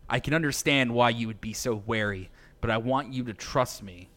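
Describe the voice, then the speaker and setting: Brief: man reading as a grave older fighter, weary and deliberate, bright-toned delivery. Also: medium pitch, lightly acted. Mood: solemn. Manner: solemn, slow and deliberate. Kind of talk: reading game dialogue aloud.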